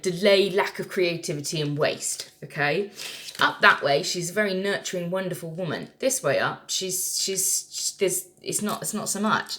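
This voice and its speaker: A woman's voice: on the low side, a bit bright. A woman giving a casual tarot reading, chatty and irreverent, swearing freely as she talks through the cards. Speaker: tarot reader.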